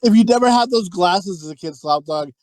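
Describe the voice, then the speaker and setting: A man's voice: sits high, fairly quick, no echo. A man co-hosting a crude, casual movie-review podcast, laughing often and acting out quotes. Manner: lively, laughing, acts out quotes. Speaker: podcast co-host.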